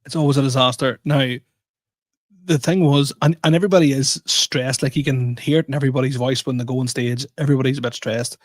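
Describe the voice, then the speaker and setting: A man's voice: medium pitch, fast talker, no echo. A man co-hosting a podcast, telling a story in casual chat and poking fun at himself. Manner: animated, self-mocking storyteller. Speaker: podcast co-host.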